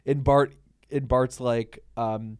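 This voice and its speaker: A man's voice: medium pitch, steady tone, slow, darkish tone, smooth, dry recording, studio quality. A young man co-hosting a casual chat, joking and laughing as he retells scenes. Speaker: podcast co-host.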